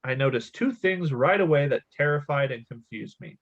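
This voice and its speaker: A man's voice: a little high, expressive, moderate pace, a bit bright, lo-fi sound. A man in his thirties hosting a casual podcast, reading a creepy story aloud between laughs and swearing. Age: 30s. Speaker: podcast host.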